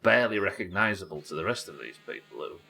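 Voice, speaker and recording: Man, live game stream, chatty, rambling, lowish, forceful. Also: animated, quick pace, gravelly, a little hiss or hum. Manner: chatty, rambling, chats with viewers. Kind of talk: casual gaming commentary.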